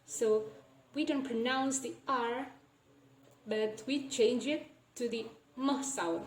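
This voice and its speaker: Slow-speaking young woman explaining phonetics. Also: a little high, steady tone, reverberant, slight background noise, rough recording. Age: young adult. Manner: repeats example words slowly, explaining step by step. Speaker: student presenter. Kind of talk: recorded class presentation.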